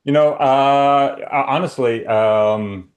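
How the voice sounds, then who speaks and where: A man's voice: medium pitch, slow. A middle-aged man from Canada, a science fiction writer and guest on a roundtable, hesitant and self-deprecating. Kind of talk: casual roundtable chat.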